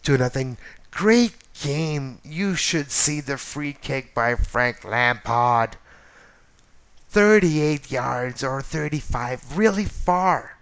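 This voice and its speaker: A man of everyday middle pitch runs a one-man soccer podcast and rattles through the weekend's results. He talks casually and gets animated, tossing in jokes and correcting himself on the fly. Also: slow, clean tone. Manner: animated, excitable, jokey asides and self-corrections. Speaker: podcast host. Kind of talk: casual solo soccer recap.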